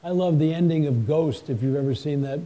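Dark-voiced man telling stories on stage. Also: fairly high pitch, brisk, poor audio. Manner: folksy anecdotes, lively retelling with quotes. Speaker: guest author. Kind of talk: live stage conversation, storytelling.

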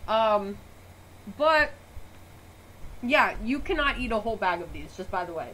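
A woman's voice: medium pitch, very animated, unhurried, bright, forceful tone, slight background noise, low-quality recording. A woman from Mexico co-hosting a podcast, joking and teasing playfully. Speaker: podcast co-host. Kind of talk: casual banter.

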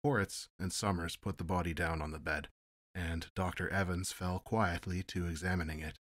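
A man narrating an audiobook in a measured, steady storytelling manner. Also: low-pitched, no room sound, clean studio sound. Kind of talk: audiobook reading.

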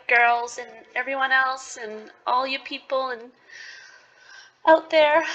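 A woman hosting her gaming channel, talking emotionally and softly as she plays through a story game. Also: high voice, poor audio. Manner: emotional, gushing and soft-spoken. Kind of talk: let's-play commentary.

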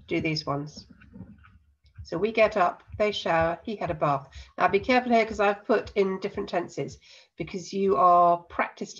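A woman teacher with an English accent and a cold, patiently explaining a recorded lesson and slowing down to spell things out. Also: mid-range voice, breathy edge, highs cut off. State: has a cold.

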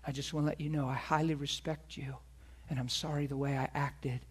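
A man's voice: medium pitch, level tone, a little fast, breathy edge. A middle-aged man preaching a sermon as a pastor, telling a personal story earnestly and acting out the voices of the people in it.

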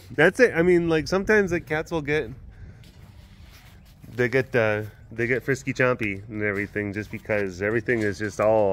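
A man hosting a casual walkaround vlog at a big cat rescue, chatting, laughing often and cooing softly to the cats. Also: medium pitch. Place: outdoors at an animal compound.

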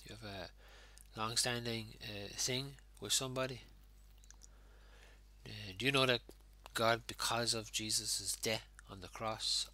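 A man's voice: lowish voice, bright, forceful tone, slight background noise. A man with an Irish accent, a pastor giving an informal home worship sermon in a conversational way with fillers.

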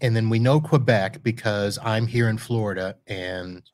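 Chatty male podcast host, low voice. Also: normal speed, darkish tone, no echo. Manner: chatty, jokey, self-correcting. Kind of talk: casual interview chat. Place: Florida home studio.

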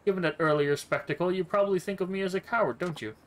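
A man's voice: sits high, fast talker, slight background noise, pitched above the performer's own voice, close to an everyday voice, poor audio. A man voicing a pompous male nobleman in his thirties who speaks with haughty, florid insults.

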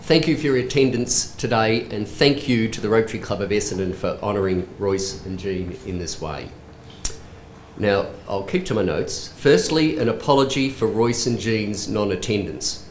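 A middle-aged man with a husky, hoarse voice gives a response speech for his father, telling humorous anecdotes and engaging the audience. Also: lowish voice, moderate pace, a little hiss or hum. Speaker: son of the honoree, giving a response speech. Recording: echoey hall with faint ambience.

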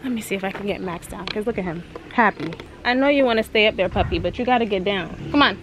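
A woman's voice: mid-range voice, fast talker, over music, rough recording. A woman in her twenties from Jamaica, chatting casually to camera in a vlog. She laughs often and coos at pets. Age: 20s. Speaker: vlogger. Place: in a car, then outdoors at a family home.

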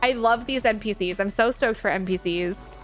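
A woman giving live reaction commentary as a gaming streamer, excitable and gushing, full of exclamations. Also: medium pitch, normal speed, soft background music.

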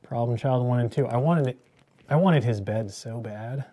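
Host type: man in his thirties, mellow tone, jokey rambling painter chat. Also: mid-range voice, normal speed. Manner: joking, rambling into movie tangents. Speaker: miniature painter hosting a painting stream. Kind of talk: casual painting demo chat.

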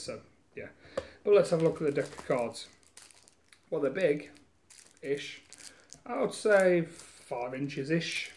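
A man's voice: on the high side, darkish tone, slight background noise. A man chatting casually through a game unboxing at home, rambling, self-mocking and swearing, recorded on a camera mic. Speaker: gaming vlogger.

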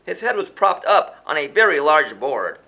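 A man's voice: on the high side, big pitch swings, moderate pace, pushed and bright. A man reading a rhyming children's story aloud in a sing-song way, chanting the refrains.

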